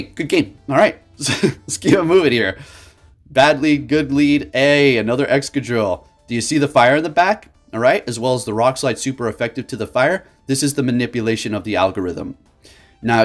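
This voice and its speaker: A man giving casual, excitable gameplay commentary for his channel, laughing often and talking to viewers as folks. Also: medium pitch. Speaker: gaming YouTuber.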